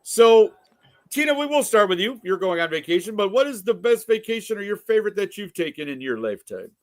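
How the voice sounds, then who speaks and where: Male show host, high-pitched voice, chatty, jokey asides to listeners. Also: very animated, brisk. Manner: chatty, joking asides to the audience. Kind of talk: casual chat.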